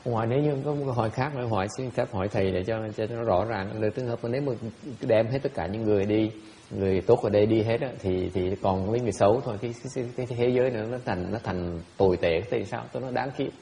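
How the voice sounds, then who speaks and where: A man's voice: lowish voice, racing, mellow, big-room sound, slight background noise. A man giving a Dharma talk as a Buddhist teacher, answering questions bluntly and teasingly, often laughing and repeating words.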